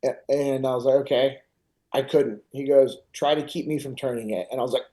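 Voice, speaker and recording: A middle-aged man on his podcast recounts a personal story briskly in a mid-range voice. The telling is casual and lively, and he voices other people's lines himself.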